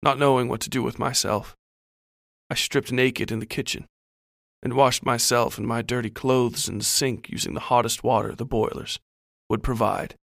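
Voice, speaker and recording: A man's voice: medium pitch, fairly even intonation, moderate pace, gravelly, fairly bright tone, dry recording, studio quality. A man reading a first-person horror story in a scripted narration style.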